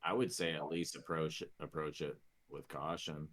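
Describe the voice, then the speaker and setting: A man with a low voice plays a tabletop game in casual chat. He hesitates and restarts often as he works out what his character does. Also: little pitch movement, normal speed, a bit bright. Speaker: player.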